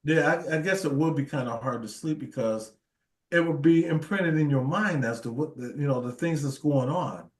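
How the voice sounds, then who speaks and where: A man's voice: fairly high pitch, moderate pace, roomy sound. A man hosting a casual chat show, laid-back and playful, laughing a lot. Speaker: host.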